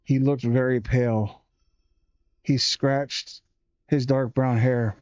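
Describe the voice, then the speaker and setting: Male storyteller reading aloud; slow, measured, warm tone, dry muffled recording. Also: medium pitch, fairly even intonation, no room sound. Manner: slow, measured reading with small self-corrections. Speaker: livestream host reading a book aloud. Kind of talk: reading a children's horror book aloud.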